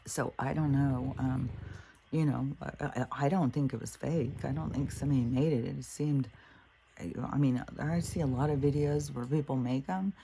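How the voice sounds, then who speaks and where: A woman's voice: rumbling low, fairly even intonation, normal speed, gravelly, warm tone, a little hiss or hum. A woman talking in a casual, rambling monologue, laughing often and swearing freely. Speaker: spiritual vlogger.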